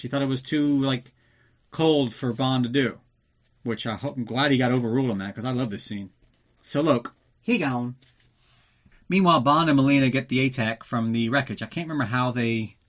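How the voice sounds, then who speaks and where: A man's voice: medium pitch, a bit bright. A man hosting a podcast, recapping a film in a casual, sarcastic way, swearing often and acting out the characters in jokey voices. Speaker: podcast host.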